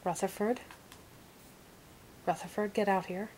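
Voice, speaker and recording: A woman's voice: medium pitch, steady tone, a little slow, darkish tone, slight background noise, close to an everyday voice, rough recording. Bogfly, a woman whispering as a nasal grumpy troll. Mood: impatient. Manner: barking, bossy, sneering. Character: grumpy, scornful little male troll. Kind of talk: whispered role-play.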